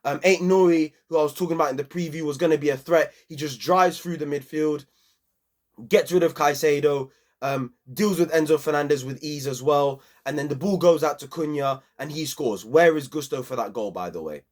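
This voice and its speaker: A man's voice: on the high side, a little fast. A young man, giving a passionate, slangy football match review on his own channel.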